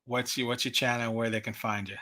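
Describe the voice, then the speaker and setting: A man's voice: mid-range voice, flat delivery, fairly quick, bright, forceful tone. A man hosting a casual podcast, upbeat and jokey. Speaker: podcast host.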